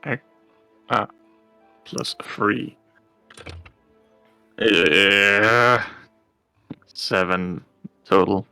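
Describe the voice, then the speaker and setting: Slow gravelly guy playing a tabletop game, short laid-back answers, dry close sound. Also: lowish voice, sharp tone, no echo, faint music behind. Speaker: player. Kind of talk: casual tabletop game play.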